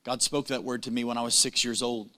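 A man preaching a sermon, telling a story with dramatic pauses and quick, punning asides. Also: mid-range voice, little pitch movement, pushed and bright.

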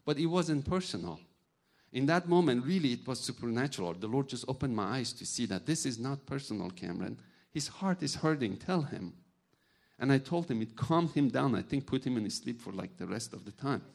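A man preaches a sermon filled with personal stories, telling them animatedly, acting out voices, and using non-native grammar. His medium-pitched voice is creaky and fairly quick.

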